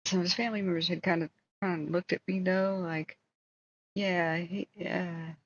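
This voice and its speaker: A woman with a lowish voice talks quickly as a livestream host, spinning a long story in a casual, rambling, animated way and stopping for asides. The audio is dull, with slight background noise.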